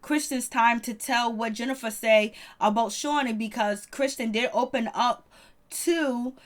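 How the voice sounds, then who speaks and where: A woman giving a casual, animated recap of a reality TV episode, slangy and quick to laugh. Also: a little high. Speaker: reality TV reviewer.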